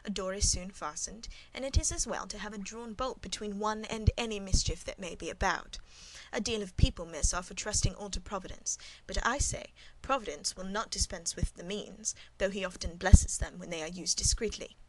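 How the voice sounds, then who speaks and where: A middle-aged servant woman speaks with perfect composure, demure and matter-of-fact, never rattled. A woman reads her lines in a storybook voice. Her pitch sits in an ordinary middle register. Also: moderate pace, hardly any pauses, a little mellow, slight background noise, close to an everyday voice, rough recording. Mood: lecturing.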